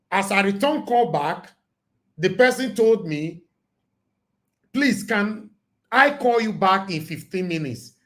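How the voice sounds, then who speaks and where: A Nigerian man hosting a livestream call-in show, talking in an emphatic, preachy way and repeating himself, his voice going hoarse. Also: high voice. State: losing his voice. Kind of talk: casual livestream talk with call-ins.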